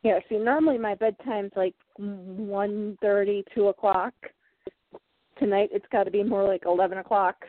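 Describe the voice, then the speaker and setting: A woman's voice: mid-range voice, fairly even intonation, normal speed, no echo. A woman co-hosting a casual chat, talking in an easygoing way and repeating words while she searches for them. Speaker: co-host of a toy collecting show. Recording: dry, phone-like narrow audio.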